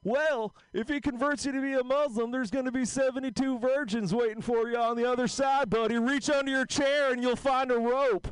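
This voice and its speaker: A man doing a stand-up impression of a folksy, cheerful old man talking on the phone, in a creaky old-timer drawl. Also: very high-pitched, steady tone, brisk, few pauses, no room sound, voice pushed up, rough recording. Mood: breezy.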